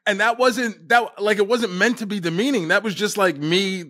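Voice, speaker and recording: A man's voice: high voice, fairly even intonation, moderate pace, fairly bright tone, dry recording, clean studio sound. Laughing man telling a story. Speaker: guest. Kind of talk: casual storytelling.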